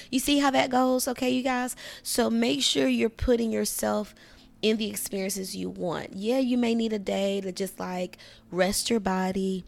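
A woman with a gravelly, fry-edged voice at a middle pitch, hosting a relaxed astrology and wellness podcast. She talks in a chatty, coaching way, peppering her advice with check-ins to her listeners. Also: normal speed. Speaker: podcast host. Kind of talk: casual astrology and wellness talk.

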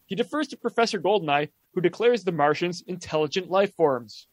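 A man's voice: high-pitched, lively intonation, a little fast, no room sound. A man co-hosting a podcast, recapping a movie plot with wry, joking commentary. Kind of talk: casual comedic movie commentary.

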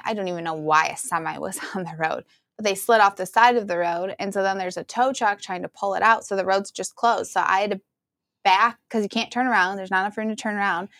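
A woman co-hosting a casual podcast chat, telling lively stories and acting out quoted voices. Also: mid-range voice. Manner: animated storyteller, acts out quoted voices. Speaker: podcast co-host.

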